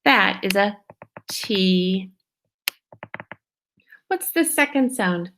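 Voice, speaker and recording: Woman, kindergarten teacher, slow unhurried delivery, stretches out sounds, patient, mid-pitched. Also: expressive, fairly bright tone. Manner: stretches out sounds and words slowly, checks in with "okay?". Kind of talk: slow, patient phonics lesson for young children.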